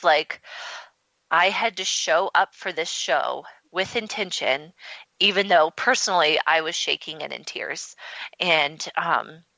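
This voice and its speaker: Chatty lady radio host, bright tense voice, lo-fi dry sound. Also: on the low side, no room sound. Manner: effusive, chatty, many fillers. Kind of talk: casual talk radio chat.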